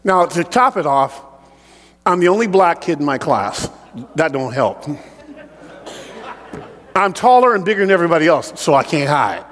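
A man preaching a sermon with personal testimony in an animated way, joking with the congregation. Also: a little high, normal speed, pauses often, long reverb tail.

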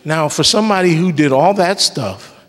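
This preacher's voice is fairly high and fairly bright, moving at a moderate pace. Leading worship from a church sanctuary, he preaches emphatically, trading call-and-response with the congregation and dropping in casual jokes, all wrapped in long church-hall reverb.

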